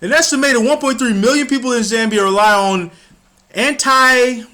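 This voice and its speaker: With a very high, sharp voice and a slightly fast pace, an American man rants heatedly about politics, cursing as he goes. This political commentator trips over his words and starts over when he gets worked up.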